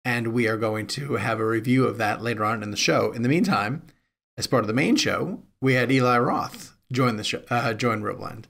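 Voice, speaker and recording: A man's voice: medium pitch, normal speed, vocal fry, a bit bright. A man hosting a film podcast, introducing the guest in an upbeat, eager way. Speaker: podcast host. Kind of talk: casual podcast chat.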